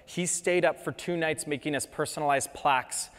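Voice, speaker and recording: A Canadian man delivers a relaxed, humorous lecture to dental students, full of chatty asides. His voice sits a touch high for a man. It rings out with long reverb, as in a lecture hall. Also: moderate pace. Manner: chatty and joking, animated asides. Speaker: dentist giving a presentation.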